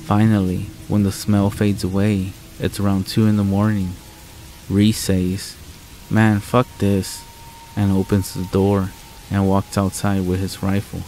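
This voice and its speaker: A man's voice: deep voice, completely flat delivery, a little slow, poor audio. A man narrating a true horror story in the first person, blunt and full of swearing. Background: soft music and rain sounds.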